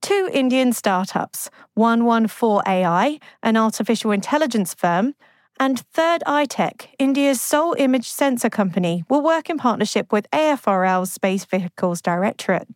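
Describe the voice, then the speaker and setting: A woman co-hosting a news podcast, reading stories in a measured, clear newsreader manner. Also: a little high, expressive, dry recording. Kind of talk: scripted news reading with banter.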